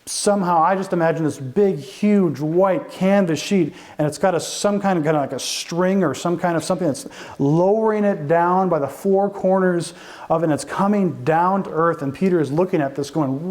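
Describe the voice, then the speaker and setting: A man preaches in a fairly high voice. His sermon is conversational and animated, full of asides and quick explanations to the congregation. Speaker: pastor.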